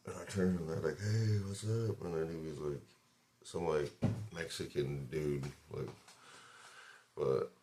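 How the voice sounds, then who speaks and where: A man's voice: very deep voice, fairly even intonation, a little slow, long pauses, mellow, a little hiss or hum. A man vlogger telling a long story in a loose, rambling way, swearing often and filling gaps with "like" and "dude". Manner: rambling, profane, loose retelling full of fillers. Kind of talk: casual storytelling.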